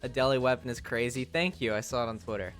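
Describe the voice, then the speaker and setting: A man's voice: medium pitch, fairly even intonation, fast, a bit bright. A male streamer in casual live-stream chat, rambling and joking with many fillers and restarts. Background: faint music.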